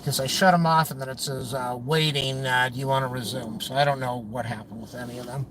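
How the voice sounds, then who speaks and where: A man's voice: medium pitch, steady tone, fairly quick. A middle-aged man, tearful and emotional, rambling to a phone while he drives his car. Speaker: vlogger. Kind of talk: rambling monologue while driving. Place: inside a car while driving. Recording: car and road noise.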